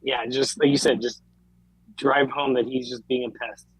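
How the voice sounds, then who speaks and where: Male co-host, easygoing chat, slightly raspy tone, dead-dry sound. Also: mid-range voice, little pitch movement, moderate pace, no echo, poor audio. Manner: laid-back, agreeing, many fillers. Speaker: podcast co-host. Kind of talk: casual wrestling chat.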